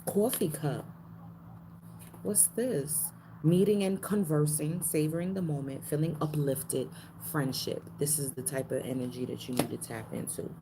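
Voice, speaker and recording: A woman does a casual spiritual card reading, using slang and repeating her phrases, her pitch occasionally jumping up for emphasis. Her tone is otherwise steady and her pace measured, with background noise behind her.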